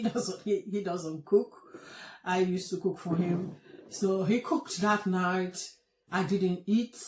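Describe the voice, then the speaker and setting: A woman telling her own story of a past relationship, emotional and halting, often dropping to soft low tones. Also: slight background noise. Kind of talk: personal storytelling. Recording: echoey room.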